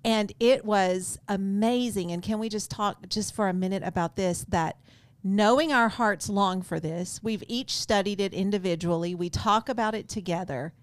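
A woman co-hosting a faith podcast who explains things in a calm, steady way. Her pitch is middle for a woman. The recording is dry and close-miked. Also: moderate pace, no echo. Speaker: podcast co-host. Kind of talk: casual faith podcast chat.

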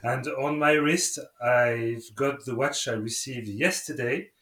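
Bright-voiced man in a roomy space. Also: medium pitch, slow pace, distant mic. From Europe. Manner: cheerful, laughs easily, relaxed joking. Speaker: podcast co-host. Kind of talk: casual podcast chat. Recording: roomy sound with faint music behind.

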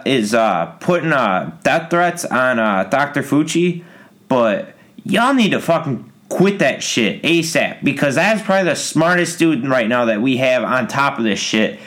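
A man's voice: mid-range voice, fairly bright tone. A man hosting a podcast, ranting casually in a rambling, exasperated and profane way. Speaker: podcast host.

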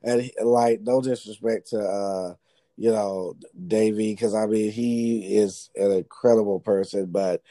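A man interviewing casually, relaxed and stumbling over his words with restarts. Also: lowish voice, unhurried, no echo. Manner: relaxed, hesitant with stammered restarts.

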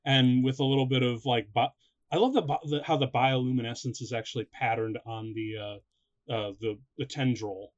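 A man chatting casually about a movie, excitable and quick to laugh. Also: medium pitch. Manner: laughs often, excitable asides. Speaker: co-host of a movie reaction. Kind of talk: casual chat. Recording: slightly dull lo-fi sound.

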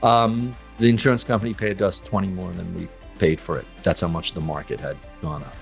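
A man's voice: deep voice, a little fast, vocal fry, faint music behind. A middle-aged man telling stories in a casual podcast chat, acting out the conversations. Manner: animated, acts out conversations. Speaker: podcast guest. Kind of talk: casual storytelling.

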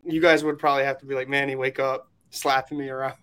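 A man's voice: medium pitch, flat delivery, quick pace, a bit bright, smooth. A man co-hosting a podcast, cracking teasing jokes in casual chat. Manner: joking, teasing banter. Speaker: podcast host.

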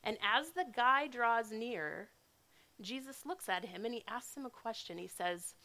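A woman's voice: on the high side, expressive, unhurried, sharp tone. A woman giving a sermon in a casual, conversational way. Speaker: speaker.

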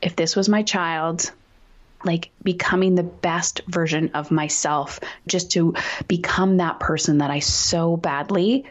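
A woman's voice: on the low side, fairly even intonation, unhurried, lo-fi sound. A woman guest on an interview podcast, a parenting coach talking candidly with energy, bluntness and frequent swearing.

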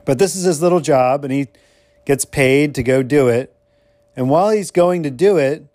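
Man, podcast bible teacher, musing, lots of ums, wry asides, mellow dark tone. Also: on the high side.

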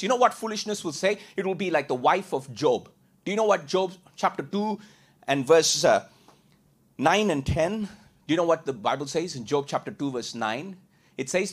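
A man preaching a sermon as a pastor, asking rhetorical questions and repeating points, moving between loud emphatic lines and quiet ones. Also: on the high side, expressive, moderate pace, husky.

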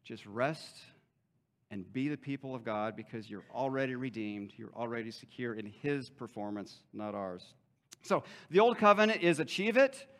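A man's voice: mid-range voice, animated, moderate pace, fairly bright tone. A man preaching a sermon as pastor in a conversational way, with joking asides and frequent checks like "okay?".

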